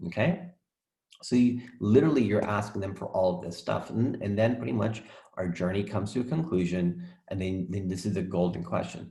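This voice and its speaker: A man's voice: fairly low pitch, a little fast, vocal fry, dark tone, roomy sound. A man teaching a recorded lesson for coaches, enthusiastic, often checking in with "right?" and leaning on "literally".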